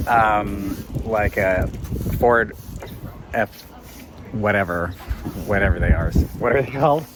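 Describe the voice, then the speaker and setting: A man who runs a guesthouse, telling stories to the camera in an animated, chatty way and laughing now and then. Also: fairly low pitch, noisy background. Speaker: guesthouse owner and vlog host. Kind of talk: casual storytelling vlog.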